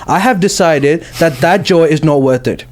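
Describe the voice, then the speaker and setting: A man's voice: on the high side, normal speed. A young man co-hosting a podcast, defending his view firmly and insistently. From Australia. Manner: firm, insistent. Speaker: podcast co-host. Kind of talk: casual chat.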